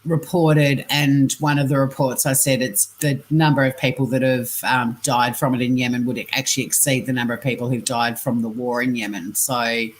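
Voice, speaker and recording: Low-voiced Australian woman chatting on stream. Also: flat delivery, normal speed, few pauses. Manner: chatty, laughs often, swears casually. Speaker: scambaiting livestream host. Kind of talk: casual livestream chat reading messages aloud.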